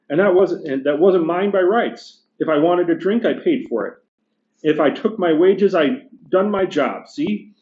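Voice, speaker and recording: A man reading aloud and voicing a blustering, self-righteous male ghost who complains loudly. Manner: loud, aggrieved, rising pitch. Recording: echoey room, dull lo-fi sound.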